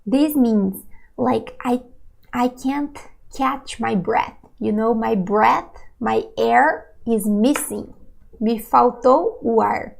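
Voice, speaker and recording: A woman's voice: a little high, slow pace, gravelly. A woman teaching a language lesson, patiently explaining words and often checking in with "okay?".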